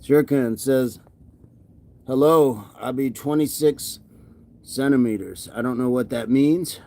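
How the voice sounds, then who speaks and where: A man's voice: mid-range voice, takes it slowly, dark tone. A man livestreaming a workout, winded and sweaty, reading viewer comments aloud and often repeating himself in casual chat. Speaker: fitness livestreamer.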